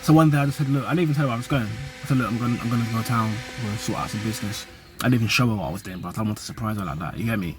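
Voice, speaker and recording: A man's voice: mid-range voice, very fast, background noise. A young man from the UK and Nigeria, talking casually and animatedly to camera in street slang. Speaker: vlogger. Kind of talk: casual vlog monologue.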